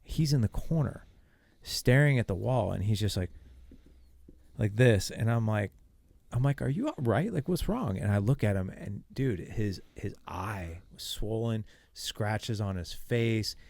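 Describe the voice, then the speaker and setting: Gravelly low-voiced man telling a story. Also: a little slow, dry recording. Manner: animated, acts out quoted dialogue. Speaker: podcast guest. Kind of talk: casual storytelling.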